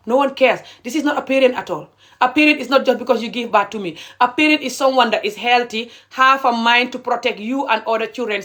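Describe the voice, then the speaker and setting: A woman's voice: on the high side, fairly bright tone. A middle-aged woman, ranting passionately and indignantly to viewers on a live stream, repeating her points.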